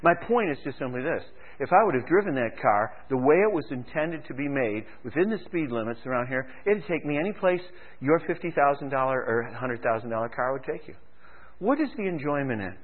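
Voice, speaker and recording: A man's voice: mid-range voice, animated, brisk. A man preaching a sermon, firing off rhetorical questions and building to fervent exhortation, heard as a tinny radio broadcast.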